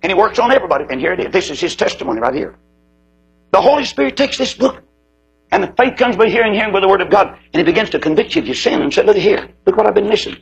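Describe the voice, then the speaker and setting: Gravelly preacher with a swooping voice. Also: male voice, expressive, rapid-fire, rough recording. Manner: dramatic storytelling with swooping pitch, acting out quoted voices. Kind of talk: sermon.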